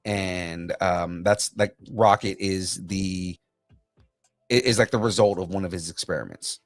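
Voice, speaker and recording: A man co-hosting a pop culture podcast, rambling and halting with lots of fillers. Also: low voice, dry recording, clean studio sound, faint music behind. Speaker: podcast co-host. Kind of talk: casual pop culture chat.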